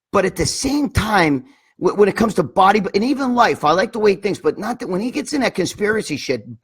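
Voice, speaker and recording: A middle-aged man with a fairly high, husky voice hosts a casual live stream. He rambles through viewer questions in a blunt, profane way, calling out commenters by name. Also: a bit bright. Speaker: livestream host answering viewer questions.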